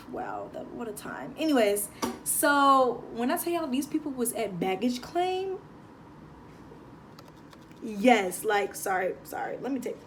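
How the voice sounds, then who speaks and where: Young woman, animated storyteller, phone propped on a table at home, light hiss. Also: fairly high pitch, takes it slowly, long pauses. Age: young adult. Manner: chatty, animated, slangy. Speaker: vlogger. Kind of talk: casual storytelling vlog.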